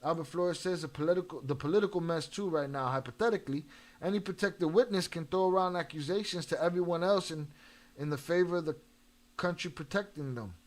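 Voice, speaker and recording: Chicago guy hosting a live stream, slangy and loose, reading chat out loud. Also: fairly high pitch, fairly quick. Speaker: livestream host reacting to videos.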